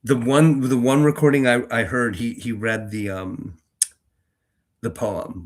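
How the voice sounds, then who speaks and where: A man's voice: medium pitch, steady tone, a little slow. A man hosting a book-reading channel, chatting casually between readings in a rambling way, with frequent restarts and fillers. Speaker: reader and host.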